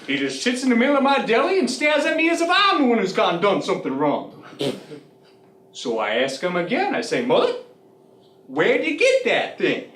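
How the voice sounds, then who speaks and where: A man putting on a prim old deli owner who spins a folksy yarn in a very high voice that leaps all over the place. The sound is roomy and picked up from a distance, with a faint hum behind. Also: huge pitch swings, normal speed, a bit bright, full character voice. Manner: folksy storyteller drawl, prim and easily offended. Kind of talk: comic sketch monologue.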